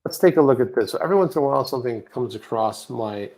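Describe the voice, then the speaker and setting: A man's voice: mid-range voice, expressive, quick pace, darkish tone. A man co-hosting a casual livestream, rambling and joking at his own expense. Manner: rambling, jokey, self-deprecating. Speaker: co-host. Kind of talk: casual crypto livestream chat.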